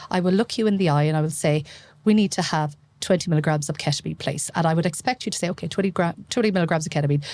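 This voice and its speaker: A middle-aged Irish woman, an emergency medicine consultant, telling stories in an animated way and acting out the dialogue as a podcast guest. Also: on the low side, no echo. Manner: animated storytelling, acts out quoted dialogue. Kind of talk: casual interview chat.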